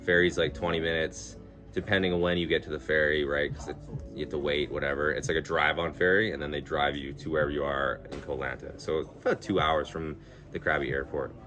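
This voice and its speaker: A man's voice: very deep voice, steady tone, quick pace, music in the background. A man live-streaming, chatting casually with viewers in a rambling, laid-back way, swearing freely and laughing through his stories. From Canada. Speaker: livestreamer.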